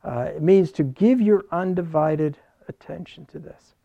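A man's voice: a little high, measured pace, creaky, mellow, no room sound, highs cut off. A man preaching a sermon, explaining a scripture passage and reading verses aloud in an earnest teaching manner. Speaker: pastor.

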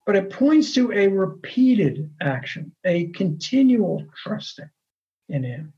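High-voiced preaching man, muffled sound. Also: creaky, darkish tone. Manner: earnest, measured preaching with frequent verbal restarts. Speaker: pastor. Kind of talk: sermon.

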